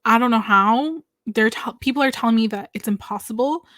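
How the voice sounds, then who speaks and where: This young woman's voice runs on the high side and brisk, captured on a lavalier mic with no room sound. Guesting on a podcast, she narrates a personal story, animatedly voicing the people she quotes and talking with her hands.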